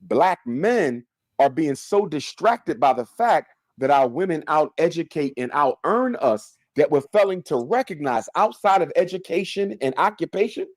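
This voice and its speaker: A man's voice: on the high side, dry recording. A man giving impassioned commentary as a guest speaker, in an emphatic, lecturing manner.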